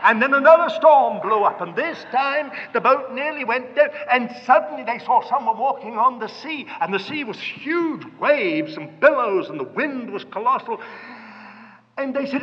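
Male preacher, dramatic storyteller, high voice, lo-fi hall reverb. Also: expressive, normal speed, hardly any pauses, a bit bright. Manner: dramatic storytelling, acting out quotes. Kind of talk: sermon. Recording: dull reverberant hall recording.

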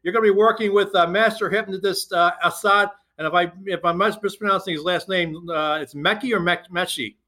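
Male podcast host with a bright, high voice who stumbles through his questions. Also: steady tone. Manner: halting, many fillers and restarts while asking questions. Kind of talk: podcast interview.

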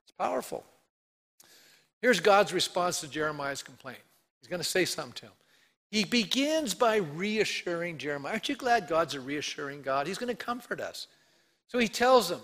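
A man preaching a sermon with a fairly high voice. He talks to the congregation in a conversational way and slips into the quoted voices with lively changes. He comes across as an engaged pastor in full flow. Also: a little fast.

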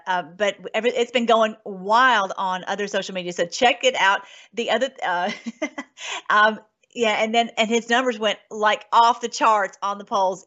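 A woman's voice: medium pitch, a bit bright, muffled recording. Woman host, casual political commentary, earnest and rambling, mid-range voice.

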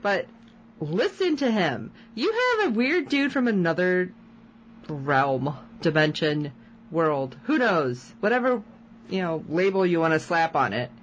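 A woman's voice: on the low side, unhurried, highs cut off, slight background noise. A woman co-hosting a podcast, chatting casually as she recaps a TV episode and acts out quoted lines. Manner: animated, retells scenes with quoted lines. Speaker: podcast co-host.

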